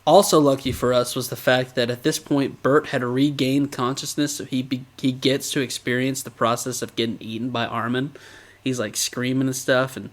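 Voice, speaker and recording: A man co-hosting a podcast, recapping episodes in a casual, animated way and laughing often. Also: medium pitch, normal speed.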